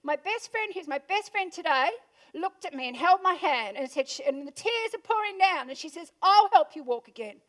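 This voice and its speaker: Punchy high-voiced Australian woman speaker. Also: animated, moderate pace, a bit bright. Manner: punchy, asks the audience questions. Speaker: motivational speaker. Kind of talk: motivational keynote talk. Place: event room before a live audience.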